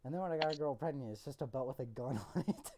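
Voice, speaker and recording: A man's voice: mid-range voice, rapid-fire, noisy background. Rambling young man telling stories. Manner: rambling storyteller, acts out quotes. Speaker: podcast co-host. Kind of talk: casual chat. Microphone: voice chat headset.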